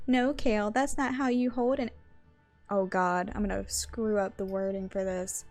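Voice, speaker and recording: A woman's voice: medium pitch, fairly even intonation, moderate pace, a little mellow, soft background music. A young woman streamer casually commenting on a game, playful and self-deprecating.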